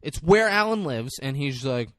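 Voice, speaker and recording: A man's voice: mid-range voice, big pitch swings, normal speed, a bit bright, no echo, studio quality. A young man co-hosting a podcast, casually retelling a movie with lots of swearing. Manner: profane, storytelling, acts out quotes. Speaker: podcast co-host. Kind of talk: casual comedic movie recap.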